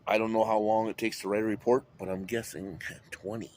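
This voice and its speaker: Low-voiced man rambling and swearing. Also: little pitch movement, fairly quick, darkish tone, a little hiss or hum. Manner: rambling, wandering, with frequent swearing. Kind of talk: rambling monologue to camera.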